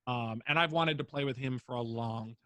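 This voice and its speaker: A man's voice: medium pitch, a little fast, a bit bright, no echo. A young man, a streamer guest on a podcast interview, talking casually with lots of fillers and free swearing. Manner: rambling, filler-heavy, swears freely.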